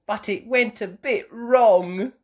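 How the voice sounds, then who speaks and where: A woman voicing an excited little girl piglet who squeals and exclaims loudly. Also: a little high, takes it slowly, voice pushed up.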